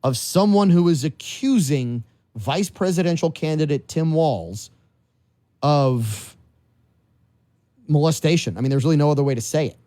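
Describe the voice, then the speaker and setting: Talk radio host man, mellow voice. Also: on the high side, animated, normal speed, pauses often, dry recording. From New Orleans, Louisiana. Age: 40s. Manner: conversational, musing aloud with rhetorical questions. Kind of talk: casual political talk radio. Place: radio studio. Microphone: studio microphone.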